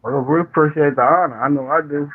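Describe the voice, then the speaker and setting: A man calmly explaining garden crops as a guest in a casual chat. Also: fairly high pitch, quick pace, no echo. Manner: steady, explanatory. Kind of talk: casual advice. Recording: dry, tinny phone line.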